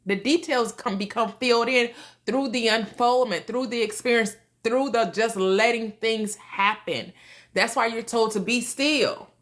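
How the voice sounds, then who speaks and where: A woman's voice: on the high side, unhurried, a bit bright. A woman hosting a livestream on manifestation, teaching casually and answering questions from chat. She laughs often, repeats words and restarts her sentences.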